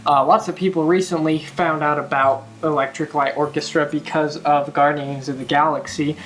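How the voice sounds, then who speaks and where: A woman's voice: deep voice, fairly even intonation, moderate pace, a little hiss or hum. A young woman vlogging in a casual chatty way, now and then breaking into bits of song. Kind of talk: casual chat.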